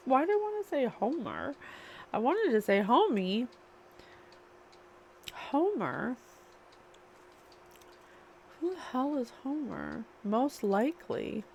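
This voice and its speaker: A woman's voice: high-pitched, sing-song, measured pace, darkish tone, slight background noise. A woman channeling a spiritual reading, musing and questioning aloud as she asks spirit for answers. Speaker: psychic reader.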